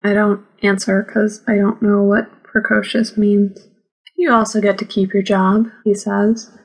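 A woman narrating a first-person memoir audiobook in a slow, measured reading. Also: mid-range voice, level tone, a little mellow, husky, poor audio.

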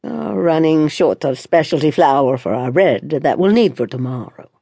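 A woman narrator voicing a deep-voiced man with an Italian accent, speaking low and intimately in an audiobook. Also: lively intonation, normal speed, vocal fry, warm tone, husky, no room sound, clean studio sound, heavily acted. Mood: low tender.

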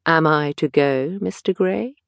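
A woman voicing a witty, languid aristocratic gentleman with a drawling, teasing manner. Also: deep voice, measured pace, gravelly, no echo, studio quality. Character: languid witty older aristocrat, mildly mocking.

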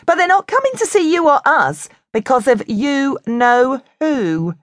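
A woman voicing a loud, hammy showbiz male brown bear in a children's storybook. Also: sits high, big pitch swings, a little slow, no room sound, studio quality, pitched above the performer's own voice. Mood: boastful.

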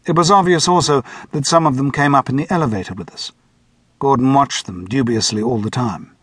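A man narrating an audiobook in the first person, measured and steady, close to the mic. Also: medium pitch, slightly rough, no echo. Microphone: close studio mic.

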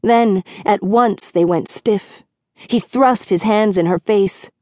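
This scripted audiobook narration comes from a woman at medium pitch who keeps her storytelling steady and measured. The recording is dry and of studio quality.

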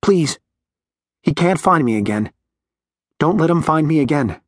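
A frightened young mother begs in a high, strained voice, as a man puts her on. Her words come breathless and pleading, delivered in a dry, close audiobook read. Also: expressive, measured pace, no room sound. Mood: desperate.

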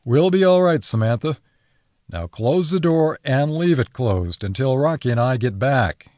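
A man voicing a steady farmer and father in an audiobook, firm and commanding. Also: medium pitch, a little slow, dry recording, studio quality, voice pushed up, close to an everyday voice. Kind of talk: audiobook character voice.

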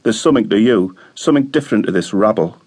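A man voicing a brooding, bitter teenage boy who talks in a low, coaxing, knowing drawl. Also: lively intonation, fast talker, a little mellow, breathy edge.

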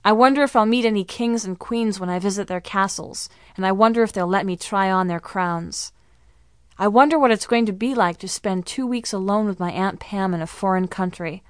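A woman's voice: medium pitch, normal speed, clear, resonant tone, dry recording. A woman narrating a first-person children's audiobook in an eager, storytelling manner. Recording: dry studio recording.

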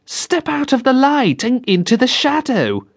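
A man voicing an eerie pale teenage girl who coaxes slowly and sweetly from the shadows, in an audiobook. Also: very high voice, big pitch swings, no echo, clean studio sound, pitched above the performer's own voice, full character voice. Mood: coaxing.

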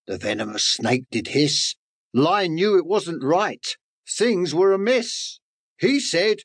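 A man reads rhyming children's fables in a sing-song storytelling voice that rises and dips lively across each line. He takes his time, slightly higher-pitched than most men, and the recording is close and dry. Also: takes it slowly, breathy edge, no room sound. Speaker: audiobook narrator and author.

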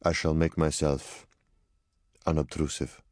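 A male narrator voicing a tense, wary young woman bodyguard with a subtle Russian accent, speaking quietly and in a clipped, worried way. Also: rumbling low, flat delivery, unhurried, no room sound, clean studio sound. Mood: unhappy.

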